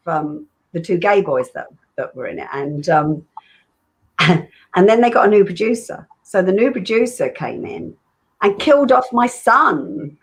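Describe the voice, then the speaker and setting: Older English actress, guest chat, husky, chatty and rambling. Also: female voice, medium pitch. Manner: chatty, rambling with many fillers and laughs. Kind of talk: casual interview chat.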